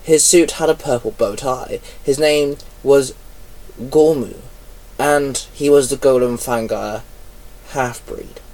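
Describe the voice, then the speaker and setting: A man's voice: mid-range voice, slow, darkish tone, recorded from a distance, poor audio. A man reading a fan-written story aloud, giving the characters barely any voice of their own. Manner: reads plainly, barely changes voice for characters. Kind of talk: amateur read-aloud narration.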